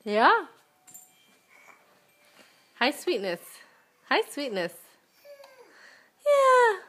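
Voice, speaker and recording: A mother talking baby talk to her infants at home, cooing in a drawn-out, sing-song way. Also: a little high, lively intonation, a bit bright.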